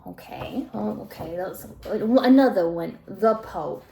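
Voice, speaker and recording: A woman's voice: mid-range voice, animated, measured pace, gravelly, dark tone, echoey room. A woman voicing a nosy, blunt, meddling elderly Jewish grandmother in a comic monologue, full of gossipy whispered asides and sighs. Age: older.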